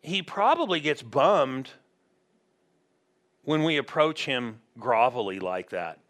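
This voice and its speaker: A middle-aged man preaching a sermon as pastor, animated and conversational, acting out little voices to make his points. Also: mid-range voice, slow pace.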